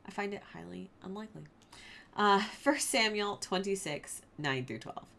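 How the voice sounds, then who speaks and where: A woman's voice: medium pitch, animated, normal speed, vocal fry, fairly bright tone. A woman who hosts a Bible study, reading passages aloud and commenting on them in a chatty, informal way. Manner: chatty and informal, lots of "like" and fillers.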